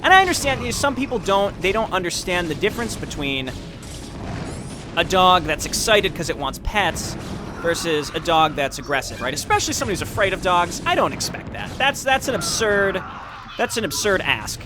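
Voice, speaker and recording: A man's voice: high-pitched, very animated, fairly quick, noisy background. A young man casually commenting while playing a strategy game, rambling through stories and correcting himself as he goes. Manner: rambling, self-deprecating storytelling with frequent restarts. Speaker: gaming YouTuber. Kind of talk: casual let's-play commentary. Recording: game music playing underneath. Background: game music.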